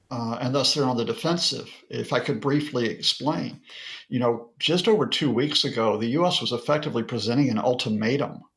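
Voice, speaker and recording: Gravelly-voiced male professor explaining. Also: medium pitch, a bit bright. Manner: explanatory, lecture-like, with occasional fillers. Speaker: professor, guest analyst. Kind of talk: broadcast interview.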